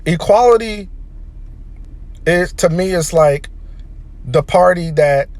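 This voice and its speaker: A man's voice: sits high, slow, a little mellow, dry recording. A man delivering a heated, profanity-laden opinion rant as a vlogger. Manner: heated, profane, emphatic ranting.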